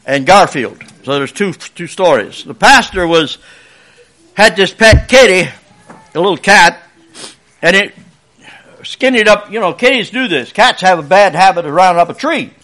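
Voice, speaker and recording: A man with a high, forceful voice tells a folksy story in a church service, the way a preacher speaks to the children. He keeps it chatty and asks the room questions as he goes. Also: animated, normal speed.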